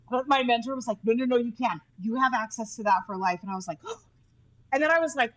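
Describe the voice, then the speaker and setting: A woman from Utah, a nurse, telling animated stories as a podcast guest, often laughing and acting out what people said. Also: high-pitched, fast, poor audio. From Utah, USA. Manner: animated, laughing, acts out quoted speech. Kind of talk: casual interview storytelling.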